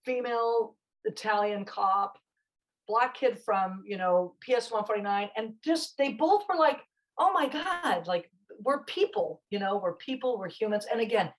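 A woman's voice: mid-range voice, low-quality recording. A woman guest in a conversation, telling a story in a passionate, emphatic, chatty way.

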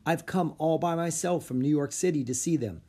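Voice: medium pitch, normal speed, warm tone, husky, voice pushed up, lightly acted. A reader voicing a polite, genteel elderly woman in a children's audiobook. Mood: gracious. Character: gracious elderly woman from New York. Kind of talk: audiobook character voice.

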